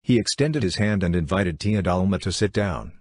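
A man narrating an audiobook in a steady, even storytelling manner. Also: deep voice, normal speed. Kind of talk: scripted narration.

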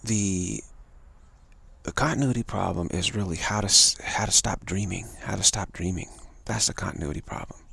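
Man, spiritual teacher, live talk, low voice, raspy, halting and repetitive delivery. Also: fairly bright tone. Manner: halting, repeats words and restarts; acts out quoted voices in a story.

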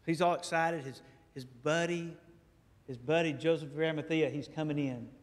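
Man, guest preacher, lively storytelling sermon, slightly high voice, long church reverb. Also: moderate pace. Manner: animated storytelling, acts out dialogue. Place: church sanctuary. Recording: echoey church hall.

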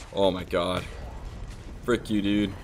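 A young man giving casual gameplay commentary, swearing often and reacting loudly between muttered remarks. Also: deep voice, noisy background. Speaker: gaming channel host.

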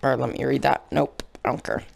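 A man's voice: mid-range voice, steady tone, a little fast, gravelly. A young man commentating his own gameplay, rambling and jokingly insulting the characters on screen. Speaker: gaming channel host. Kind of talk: let's play commentary.

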